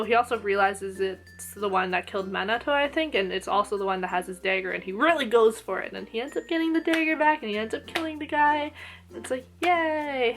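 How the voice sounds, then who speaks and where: A woman casually reviewing an anime episode, gushing and excitable, full of "oh my gosh" and "like". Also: medium pitch.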